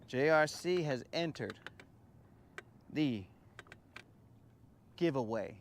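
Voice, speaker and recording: Male fishing streamer, mid-pitched, laid-back and slangy, outdoor boat audio through a phone with light background noise. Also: normal speed, long pauses. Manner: relaxed, talks to viewers and to the fish, slangy. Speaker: fishing livestream host. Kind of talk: casual live-stream chat while fishing. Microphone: phone camera on the boat.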